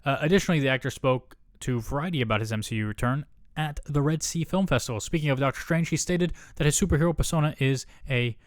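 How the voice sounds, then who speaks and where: A man hosting a casual news rundown, full of sarcastic, swearing asides. His voice is smooth and clear, at a middle pitch. The sound is dry and close, with no room echo. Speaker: host.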